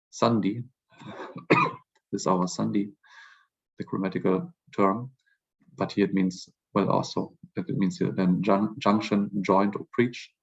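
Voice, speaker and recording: A low-voiced, husky man lectures through a word list, saying each term twice before he glosses it. The sound is muffled and lo-fi. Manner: repeats each word slowly, then glosses it. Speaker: language teacher. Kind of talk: lecture reading vocabulary aloud.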